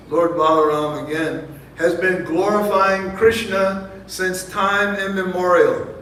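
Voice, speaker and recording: A man giving a sermon at a temple feast, emphatic, stretching key words slowly and repeating phrases. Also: sits high, sharp tone. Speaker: guest speaker at a temple Sunday feast. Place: temple hall. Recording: very echoey hall, distant mic, faint noise.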